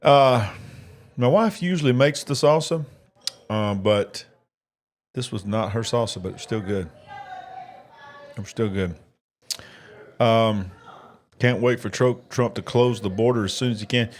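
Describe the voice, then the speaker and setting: A man's voice: medium pitch, lively intonation, normal speed. Chatty man hosting a live stream. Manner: chatty, eating and reading viewer comments on air. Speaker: livestream host. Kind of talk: casual live election-night chat.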